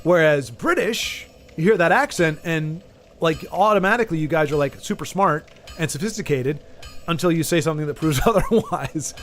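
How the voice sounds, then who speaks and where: While gaming on stream, this Texan man talks casually to his viewers at a normal speed, his voice a little high with lively intonation. Soft music plays in the background, and he rambles, drifting off mid-thought before restarting sentences.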